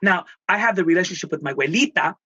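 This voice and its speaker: A man from Texas, a guest speaking about his spiritual healing work, tells emotional stories in an animated, theatrical way and acts out the voices he quotes. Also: high-pitched, very fast, breathy edge, dry recording, lo-fi sound. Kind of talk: emotional storytelling in conversation.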